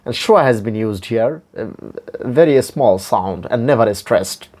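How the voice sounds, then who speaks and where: A man teaching pronunciation, repeating each word slowly and spelling it out letter by letter. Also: medium pitch, expressive, a little mellow. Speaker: English phonetics teacher. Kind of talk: slow pronunciation lesson.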